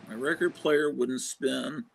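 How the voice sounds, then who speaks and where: A man hosting a live stream channel, making dry, low-key remarks. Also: fairly even intonation, slow, vocal fry, slight background noise. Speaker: host of a comic book channel. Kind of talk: casual chat on a live stream.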